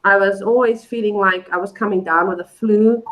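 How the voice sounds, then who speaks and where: A woman's voice: medium pitch, fairly even intonation, moderate pace, muffled recording. Rambling woman telling a story. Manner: rambling, with many fillers and restarts. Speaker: guest. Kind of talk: casual storytelling. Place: live online show.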